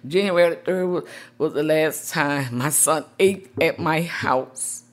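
A middle-aged woman, a grieving mother interviewed for a news report, speaking softly and emotionally with many "you know"s. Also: sits low, measured pace. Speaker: grieving mother, support group founder.

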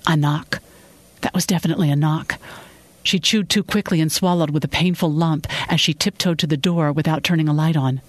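A narrator reading a fiction episode in calm, steady storytelling. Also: mid-range voice, brisk, no echo.

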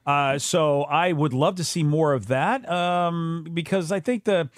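A man co-hosting a casual podcast chat, his voice pitched a touch high. He rambles and hesitates, restarting sentences as he goes. The sound is dry and close, with no room in it. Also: unhurried, no echo. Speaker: podcast co-host.

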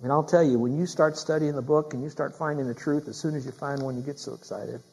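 A man preaching a sermon as pastor, talking straight to his congregation with questions and building to loud, emphatic preaching. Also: on the high side, fairly even intonation, fast, vocal fry, breathy edge.

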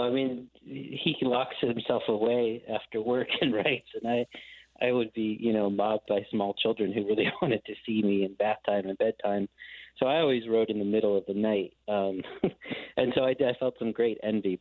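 Man, novelist guest, relaxed, self-deprecating, lowish voice, dry phone sound. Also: dry recording, phone-quality sound. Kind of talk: casual radio conversation.

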